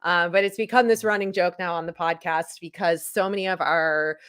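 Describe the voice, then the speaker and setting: A woman from Chicago, a guest on a sports talk show, chatting casually and telling stories in quick animated bursts, full of likes. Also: lowish voice, smooth. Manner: animated storyteller, rapid bursts, rambling with many likes. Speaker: guest hockey podcaster.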